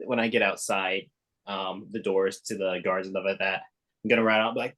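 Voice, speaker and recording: A man's voice: low voice, little pitch movement, brisk, bright, forceful tone. A man playing in a tabletop game, chatting casually. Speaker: player.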